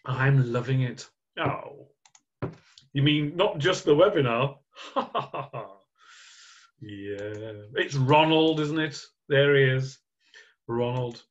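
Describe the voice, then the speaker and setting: A man's voice: mid-range voice, extremely slow, pauses often. A man presenting a marketing webinar as a quiz, chatty and jokey, teasing his online audience. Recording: dull lo-fi webinar audio.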